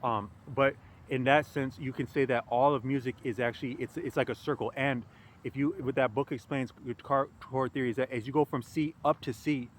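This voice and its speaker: A man musing aloud in a casual philosophical monologue, rambling and halting with frequent restarts and fillers. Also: mid-range voice, fairly even intonation, slight background noise. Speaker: podcast host.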